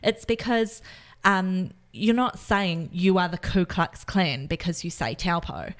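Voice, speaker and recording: A woman's voice: on the low side, unhurried. A New woman talking as a podcast guest, earnestly explaining her views with lots of "um" and "you know". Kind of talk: casual chat.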